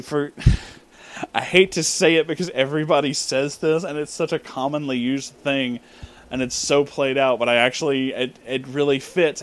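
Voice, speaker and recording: A man telling a story in a casual, profane rant, breaking into loud disbelieving outbursts. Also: a little high. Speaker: storytelling vlogger.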